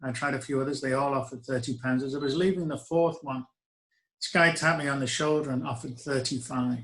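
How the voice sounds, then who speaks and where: A man's voice: medium pitch, fairly even intonation, a little fast, a bit bright, low-quality recording. A middle-aged man, telling a personal story in a reflective, wry way with hesitant restarts. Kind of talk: first-person spoken storytelling.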